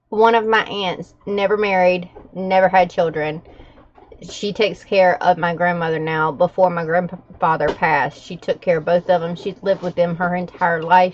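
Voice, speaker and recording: A middle-aged woman vlogger chats candidly to camera, her voice on the low side and the recording lo-fi. She talks casually to her viewers, filling the gaps with frequent fillers and laughter.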